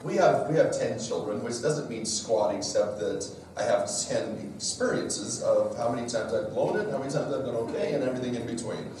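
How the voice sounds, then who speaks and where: A middle-aged man giving a church talk to a live audience, telling lively stories that poke fun at himself. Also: mid-range voice, fairly quick, hardly any pauses, slight background noise. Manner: lively storyteller, jokes at his own expense. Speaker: speaker at a church parenting talk. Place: large echoey room with a live audience. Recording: echoey hall recording from far off.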